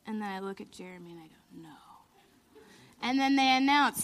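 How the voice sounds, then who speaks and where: A woman in her thirties giving a lively storytelling sermon, laughing often and acting out the lines she quotes. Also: medium pitch, fairly quick. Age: 30s. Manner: animated, laughing storyteller who acts out quotes. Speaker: church speaker.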